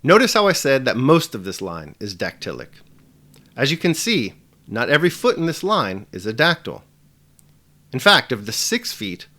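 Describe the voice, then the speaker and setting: A man hosting a scripted literature lesson, measured and articulate, slowing down for key definitions. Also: mid-range voice, a bit bright. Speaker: English teacher hosting a lesson channel.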